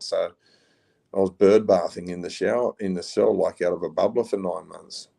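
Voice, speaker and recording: Gravelly low-voiced Australian man. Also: dark tone. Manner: rambling, frequent ums, laid-back. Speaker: podcast guest. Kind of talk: casual storytelling.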